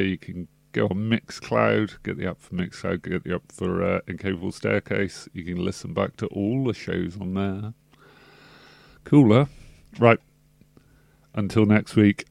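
Low gravelly man. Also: a little mellow, no echo. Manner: rambling, laid-back, full of fillers. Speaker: radio DJ. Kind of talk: casual radio sign-off chat. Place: radio studio.

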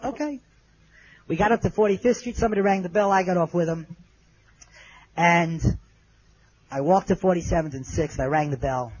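Middle-aged man, earnest storyteller, slightly high voice, muffled lo-fi sound. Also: moderate pace, long pauses, slightly rough, dry recording. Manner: earnest, drops low and soft at moving moments. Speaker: survivor telling his story. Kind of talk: personal storytelling.

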